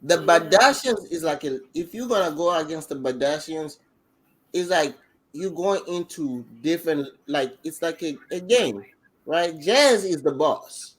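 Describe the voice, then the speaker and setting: A man co-hosting a podcast, telling the story in an excitable, slangy way, full of restarts. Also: fairly high pitch, measured pace, poor audio. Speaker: podcast co-host. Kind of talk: casual chat recapping a battle rap event.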